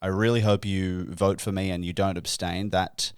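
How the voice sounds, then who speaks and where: Mock-pompous podcast host. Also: male voice, sits low, level tone, normal speed, clean tone, dry recording, studio quality. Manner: mock-pompous, self-deprecating, with chuckles. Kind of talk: solo comedic podcast monologue.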